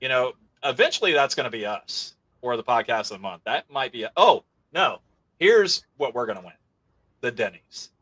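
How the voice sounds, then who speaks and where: A man's voice: medium pitch, very animated, fairly quick, fairly bright tone. A man co-hosting a podcast, chatting casually and laughing often. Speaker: podcast co-host.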